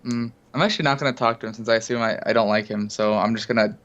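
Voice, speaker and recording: A man's voice: fairly low pitch, steady tone, rapid-fire, fairly bright tone. Hesitant player, a man on a dull lo-fi mic. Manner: hesitant, uncertain. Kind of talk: casual tabletop play.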